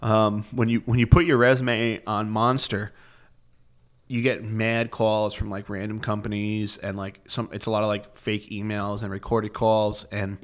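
A man's voice: fairly low pitch, measured pace. A young man, a podcast guest, telling casual stories with lots of fillers and swearing. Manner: animated, profane, full of filler words. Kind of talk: casual storytelling.

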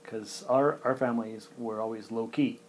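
A man's voice: mid-range voice, fairly even intonation, a little hiss or hum. A man co-hosting a podcast, reflecting candidly on his past and his upbringing. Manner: quick, reflective, lots of short agreements. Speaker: podcast co-host. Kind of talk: candid personal conversation.

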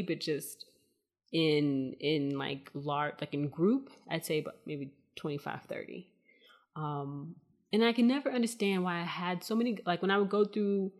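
A woman hosting a spiritual podcast, talking casually to her listeners in a soft, meandering way with many fillers and calling them y'all. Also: low voice. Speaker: podcast host.

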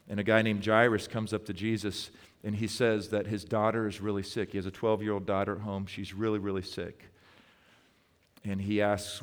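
A male pastor delivers a sermon in a storytelling way, leaning on key words by slowing right down. His voice sits fairly low and carries a long reverb from a church sanctuary. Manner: storytelling, with emphatic slow stresses.

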